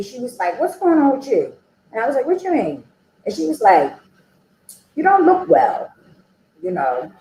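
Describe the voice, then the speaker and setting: A woman's voice: medium pitch, a little mellow, echoey room, a little hiss or hum, rough recording. A woman sharing her personal recovery story at a meeting, chatty and conversational, acting out the dialogue she quotes and often checking in with "okay?" and "you know?".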